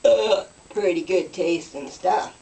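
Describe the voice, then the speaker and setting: A woman's voice: lowish voice, slow pace, dark tone, slight background noise. Folksy woman comic, distant mic. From West Virginia. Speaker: comedian. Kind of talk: deadpan hillbilly stand-up routine.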